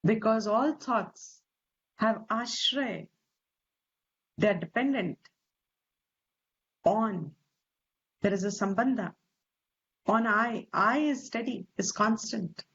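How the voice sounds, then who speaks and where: A woman teacher with an Indian English accent, explaining scripture slowly and deliberately, stressing Sanskrit terms and posing rhetorical questions. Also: mid-range voice, a bit bright, husky. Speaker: Vedanta teacher. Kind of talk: slow scriptural class explanation. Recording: slightly dull lo-fi recording.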